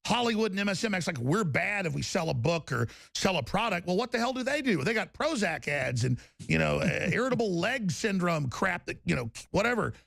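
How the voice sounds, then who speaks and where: A man hosting a live call-in talk show, talking in a rambling, excitable way that jumps from topic to topic. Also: high voice, creaky, no room sound, studio quality. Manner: rambling, excitable, fast-shifting delivery.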